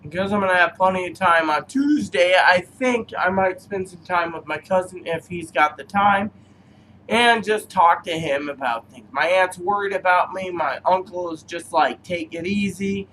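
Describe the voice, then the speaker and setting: A man with a high, sharp-edged voice tells meandering personal stories between cigar notes. He hesitates often, filling gaps with "um" and "so", and drifts from one anecdote to the next. A faint background hiss sits under his talk. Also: rough recording. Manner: meandering, halting, full of fillers. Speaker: cigar reviewer. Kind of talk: rambling personal storytelling.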